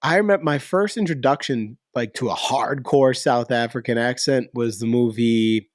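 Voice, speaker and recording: Animated slangy man hosting a chat. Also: medium pitch, normal speed, no echo, studio quality. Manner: animated, slangy, lots of fillers. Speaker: podcast host. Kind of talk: casual chat.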